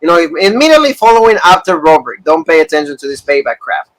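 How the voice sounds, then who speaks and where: A man co-hosting a casual wrestling review show, talking in animated rants full of fillers and repeated phrases. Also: a little high, quick pace, rough recording. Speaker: podcast co-host.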